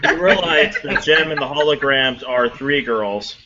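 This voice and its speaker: A man's voice: medium pitch, a little slow. A man hosting a casual geek news podcast, telling stories animatedly. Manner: animated storyteller who acts out quotes. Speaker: podcast host. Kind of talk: casual chat. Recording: dull lo-fi audio, faint hiss.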